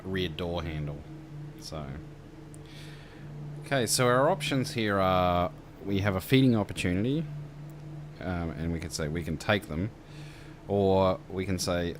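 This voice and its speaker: Low-voiced aussie guy streaming, reads the story out and chats with chat, lots of ums. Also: noisy background. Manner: relaxed, chatty, hesitant with fillers. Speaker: streamer reading a story game. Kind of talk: narrating a game and chatting with viewers.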